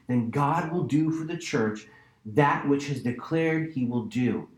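A man's voice: medium pitch, measured pace. Pastor man preaching in a roomy echo. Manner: emphatic, repeats key phrases, conversational asides. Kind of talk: sermon.

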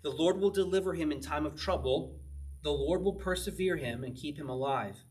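His voice is on the high side and a little mellow, moving at normal speed. This pastor guides an informal evening Bible study, reading psalms aloud, explaining them in an easygoing manner, and laughing often.

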